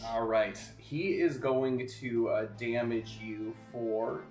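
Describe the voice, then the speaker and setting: A man's voice: medium pitch, slow, darkish tone. A man runs a tabletop game as game master, talking in a loose, rambling way. His voice sits in a roomy, echoing space, with faint music underneath.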